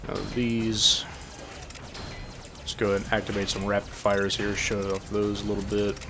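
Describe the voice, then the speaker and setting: A man casually commenting on a game while he plays, matter-of-fact and relaxed. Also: fairly low pitch, moderate pace, noisy background. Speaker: gameplay commentator.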